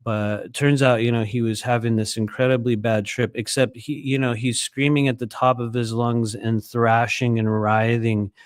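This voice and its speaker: A man's voice: medium pitch, little pitch movement, normal speed, few pauses, clear, resonant tone, dry recording. A man in his fifties telling a story to his viewers in a casual, rambling way, with many fillers and repeated phrases. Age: 50s.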